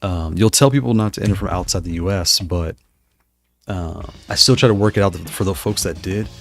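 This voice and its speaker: A man chatting casually with his live-stream viewers while playing, thinking aloud with many restarts, his voice slightly hoarse. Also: low-pitched, a little fast, a bit bright.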